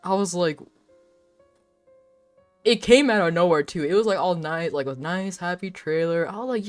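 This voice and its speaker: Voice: medium pitch, normal speed, dry recording. Young adult streamer, casual chatty ramble, lots of fillers, swears, dry close mic, faint background music. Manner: rambling and animated, heavy filler words, frequent laughs, swearing. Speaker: live streamer. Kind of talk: casual chat while drawing on stream, answering viewers.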